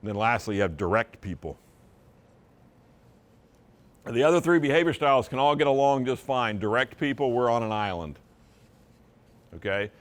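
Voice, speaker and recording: A man presenting a live seminar as a sales trainer, with a voice at an ordinary middle pitch. He talks to the room in a conversational way and makes his points with strong, emphatic intonation. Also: expressive, moderate pace, pauses often. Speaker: sales trainer for real estate agents.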